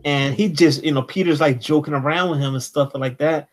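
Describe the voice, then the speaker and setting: A man's voice: a little high, a little fast. A man co-hosting a casual comics chat, talking in a laid-back, slangy way full of "like" and "you know.". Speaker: comics podcast co-host.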